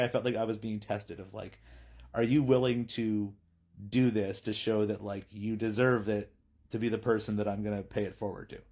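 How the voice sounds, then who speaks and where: A man telling a personal story in a chatty, animated vlog. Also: on the low side.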